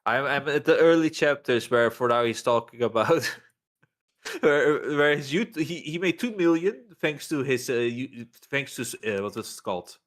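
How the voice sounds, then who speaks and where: A man chatting casually on a stream, retelling a story in a halting, rambling way. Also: mid-range voice, lively intonation, a bit bright. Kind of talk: casual chat.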